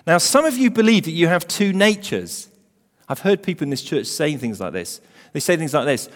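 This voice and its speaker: Expressive male pastor preaching in a reverberant hall. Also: a little high, normal speed. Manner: emphatic, builds to loud stressed phrases. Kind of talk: sermon.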